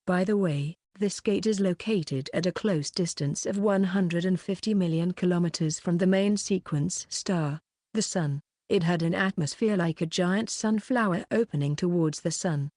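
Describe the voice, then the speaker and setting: A woman with a lowish voice narrates a light novel in a steady, even read. She keeps the dialogue plain rather than acting it out. The recording is close and dry, with no room sound. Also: no room sound. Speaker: audiobook narrator. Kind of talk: scripted narration.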